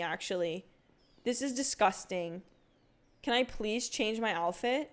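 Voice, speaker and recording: A young woman chats with her viewers while she plays a cozy game, her talk loose and full of fillers. Her pitch jumps around a lot, and she breaks into excited outbursts. She speaks into a desk mic at her home setup. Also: unhurried. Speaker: game streamer. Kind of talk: casual livestream chat while gaming.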